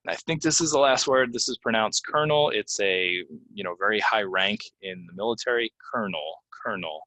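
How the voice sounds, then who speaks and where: Male teacher, deep and bright, dry close sound, casual and filler-heavy. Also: dry recording, poor audio. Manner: casual, explains with many fillers and repeats words slowly. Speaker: English pronunciation teacher. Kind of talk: relaxed video lesson. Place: Florida.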